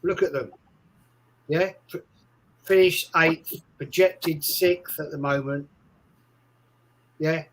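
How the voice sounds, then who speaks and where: Man, casual chat, emphatic, repeats his points, very slow delivery, slightly high voice. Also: fairly even intonation, rough recording. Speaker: co-host of a fan podcast.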